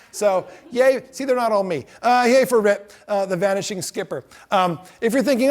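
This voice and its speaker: A middle-aged man delivers a lecture as a string of anecdotes, his voice sitting notably high for a man. He is animated, slips into the voices of the people he quotes, and laughs often as he goes. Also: moderate pace. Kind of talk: storytelling lecture.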